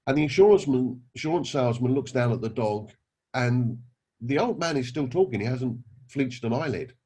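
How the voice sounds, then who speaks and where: Husky man giving a pep talk. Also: mid-range voice, animated, normal speed, dark tone. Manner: earnest, rhetorical questions and anecdotes. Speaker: network marketing recruiter. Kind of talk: motivational talk with storytelling.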